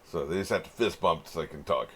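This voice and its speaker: A man with a very low voice talks through an episode as he watches, musing aloud in loose reaction commentary. He drops casual swears and chuckles as he goes. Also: fast, a bit bright, slight background noise. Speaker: anime reaction channel host.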